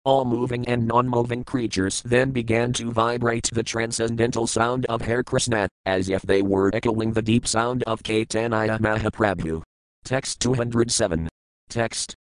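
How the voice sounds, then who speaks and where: A man reads scripture in a steady, measured way, going word by word through each verse's meanings before giving the translation. His voice sits at a middling pitch. The recording is dry and close, with no room sound. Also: clean tone, dry recording, rough recording. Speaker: scripture reader.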